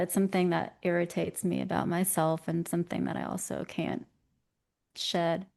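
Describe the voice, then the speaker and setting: A young woman talking casually as an interview guest, chatty, self-deprecating and quick to laugh. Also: lowish voice, steady tone, vocal fry, a little mellow. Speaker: interview guest, visual development artist. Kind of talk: casual conversation.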